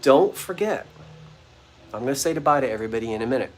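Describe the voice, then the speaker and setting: A man's voice: medium pitch, very fast, a bit bright. Chatty man hosting a live sale. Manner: chatty, playful, talks to viewers by name. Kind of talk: casual livestream chat. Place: front porch of an old bungalow.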